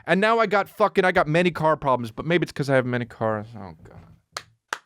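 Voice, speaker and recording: A man spins a comic story on his podcast as a swearing, self-interrupting rant. His pitch swings wide and lively from low grumbles to high squeals. The room is dry, with the voice close and plain. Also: brisk, dry recording. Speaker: podcast host. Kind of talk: comedic storytelling monologue.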